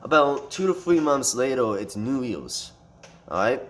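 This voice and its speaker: A man's voice: mid-range voice, unhurried. Foul-mouthed man telling a rambling story. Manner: profane, animated retelling with frequent swearing; rambling with restarts and fillers. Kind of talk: casual storytime monologue.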